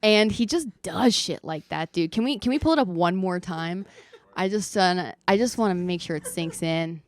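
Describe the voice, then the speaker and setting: A woman's voice: on the low side, normal speed. A woman podcast host rambling through a sarcastic comedic monologue and swearing freely.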